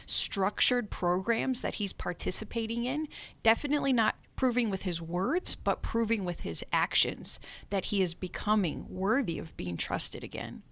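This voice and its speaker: Female radio counselor, gravelly tone, firm and measured, dry studio. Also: mid-range voice, fairly bright tone, no room sound. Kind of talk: call-in advice talk.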